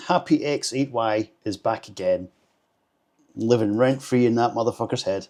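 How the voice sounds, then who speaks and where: A Scottish man reads out viewer comments and answers them in a blunt, sarcastic way, swearing freely. His voice sits at a middling pitch with a dark, mellow tone. It is a relaxed, casual vlog chat. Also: moderate pace. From Scotland. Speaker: vlogger reading viewer comments.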